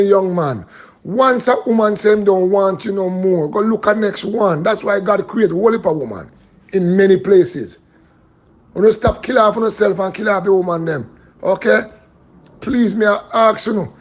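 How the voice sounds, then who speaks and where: A Jamaican man giving a pleading, repetitive, preacher-style live appeal and prayer. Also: high voice. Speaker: street preacher and vlogger.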